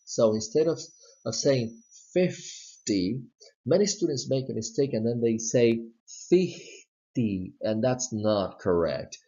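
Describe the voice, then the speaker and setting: A man with a Southern US accent teaching English pronunciation, modeling words slowly and repeating them. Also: mid-range voice, dark tone. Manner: slow, modeling words with exaggerated repetition. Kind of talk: slide-based pronunciation lesson. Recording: dull lo-fi recording.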